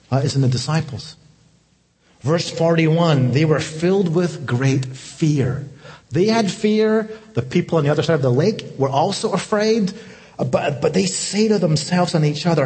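A man pastor preaching a sermon, animated, climbing to loud high peaks and dropping to hushed asides. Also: moderate pace, slightly rough. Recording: long hall reverb.

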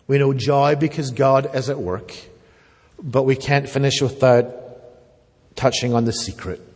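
Husky-voiced man preaching in a reverberant hall. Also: fairly high pitch. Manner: earnest, emphatic preaching, addresses children directly. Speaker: pastor. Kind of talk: sermon. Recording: long reverb of a church hall.

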